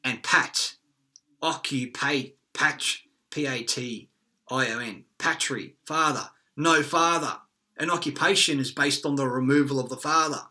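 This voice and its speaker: A man's voice: mid-range voice, unhurried, pushed and bright. A man with an Australian accent ranting in an agitated, profane, rambling monologue.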